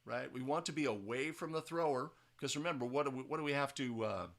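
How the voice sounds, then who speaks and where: A man with a bright, forceful, mid-pitched voice quickly talks through basketball officiating footage in a relaxed instructional way. He often ends points with "right?" and frequently restarts sentences midway.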